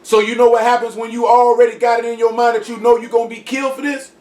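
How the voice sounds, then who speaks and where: A man speaks emphatically in a casual group discussion and keeps checking that his listeners follow him. His voice sits high. He is recorded from some way off in a room with plenty of echo. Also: flat delivery, quick pace, darkish tone. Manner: emphatic, repeats "you know what I'm saying". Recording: echoey room, voice from a distance.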